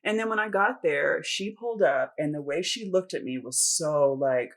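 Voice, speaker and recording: A woman's voice: low-pitched, moderate pace. Candid, profane woman telling a story. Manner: profane, animated storytelling with acted-out quotes. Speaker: podcast host. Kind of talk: candid casual chat.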